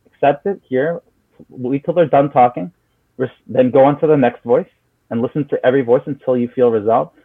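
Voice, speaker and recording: Man, husky voice, tinny phone-like sound, earnest therapist, lots of restarts. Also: medium pitch, normal speed, dry recording. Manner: earnest, many restarts, acts out client dialogues. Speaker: therapist guest. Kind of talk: conversational explanation. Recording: husky voice over a tinny phone-like line, dry.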